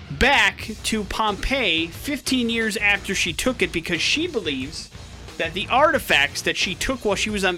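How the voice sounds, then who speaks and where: A young man hosting a morning radio show, joking with his co-host and running a call-in contest. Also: high voice. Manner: energetic, joking, talks listeners through a contest. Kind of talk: casual radio banter.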